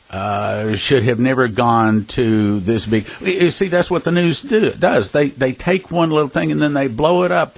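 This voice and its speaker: Earnest male preacher, mid-pitched husky voice, emphatic storytelling delivery. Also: no room sound, rough recording. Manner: earnest, emphatic, with scattered restarts and chuckles; addresses listeners as brothers and sisters. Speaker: prophecy ministry speaker. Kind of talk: preaching talk with personal storytelling.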